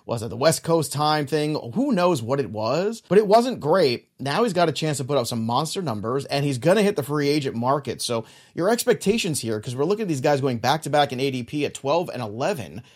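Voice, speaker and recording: Quick emphatic guy on a sports podcast, keeps saying look and you know, rattles along. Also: a little high, big pitch swings. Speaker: podcast co-host. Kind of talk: casual sports chat.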